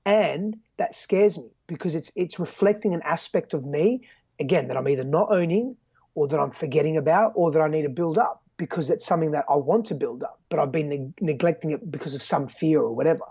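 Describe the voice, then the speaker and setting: An Australian man appears as a guest coach in a candid podcast conversation, speaking earnestly and reflectively, swearing casually and often tagging on "right?" and "man." His brisk voice sits on the high side, with vocal fry, a little mellow and slightly rough, and no echo. The audio is dull, lo-fi video call sound.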